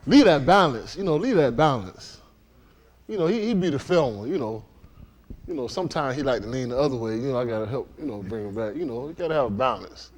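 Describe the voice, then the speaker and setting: A man from Miami leading a congregation, moving between prayer and lively, joking talk with loud exclamations, recorded in a synagogue hall during a livestream. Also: mid-range voice. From Miami, Florida. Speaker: congregation leader. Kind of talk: casual sermon talk and prayer.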